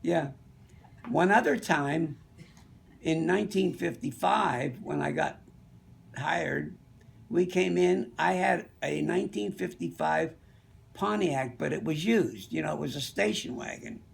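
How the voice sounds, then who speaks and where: A man's voice: a little high, a little slow, vocal fry. An older man from the Pittsburgh area telling rambling, fond anecdotes in a casual way. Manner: rambling, fond, with many you-knows. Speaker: storyteller.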